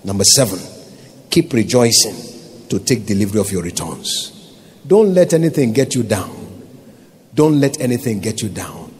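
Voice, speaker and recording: A man's voice: lowish voice, big pitch swings, moderate pace, darkish tone, breathy edge. A Nigerian man preaching a sermon as pastor, emphatic and full of rhetorical questions to his congregation.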